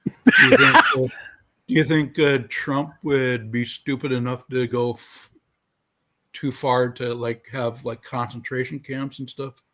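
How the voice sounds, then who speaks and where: Canadian guy cracking jokes on a podcast, laughs a lot, average pitch. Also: level tone, unhurried, bright, forceful tone. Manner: joking, laughs often. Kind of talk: casual chat.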